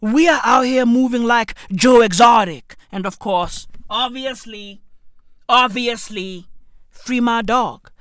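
A man's voice: very high voice, slow, fairly bright tone, smooth, dry recording, studio quality. A man from Africa, delivering a profane, emphatic comedic rant that circles back on itself and keeps calling the listener bruv.

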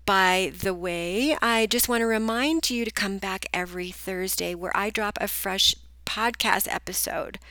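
A woman's voice: mid-range voice, unhurried, few pauses, pushed and bright, dry recording. A middle-aged woman hosting a solo coaching podcast, chatty and upbeat, speaking straight to her listeners, a bit groggy today. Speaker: podcast host, business coach.

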